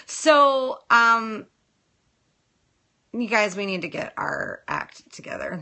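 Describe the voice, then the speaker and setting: Woman, nail tech livestream host, casual chat, blunt, exasperated, forceful bright tone. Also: mid-range voice, lively intonation, a little slow, creaky, long pauses. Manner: blunt and exasperated, addresses viewers and comments directly. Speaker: nail technician hosting a live broadcast. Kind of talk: casual live-stream chat.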